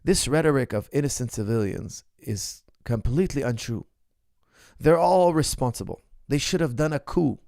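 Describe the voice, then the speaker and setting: A man's voice: mid-range voice, lively intonation, moderate pace, gravelly, darkish tone, no echo, clean studio sound. A man hosting his own ask-me-anything show, arguing his point with passion and firing rhetorical questions at his viewers. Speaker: martial arts coach and show host. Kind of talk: ask-me-anything livestream monologue.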